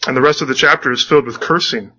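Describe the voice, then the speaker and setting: A man's voice: mid-range voice, very fast, sharp tone, dull audio. A man preaching a sermon, earnestly reading scripture and commenting on it, often repeating words as he restarts.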